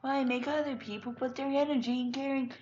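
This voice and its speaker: A woman voicing a cheerful teenage girl who hides deep sadness, reading game dialogue aloud slowly and softly. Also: little pitch movement, lightly acted. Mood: sad. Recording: dull lo-fi with music behind.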